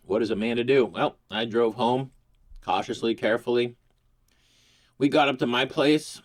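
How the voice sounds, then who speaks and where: This is casual comedic storytelling: a man hosting his channel spins a crude, meandering tale loaded with swearing, speaking in a mid-range voice at a moderate pace.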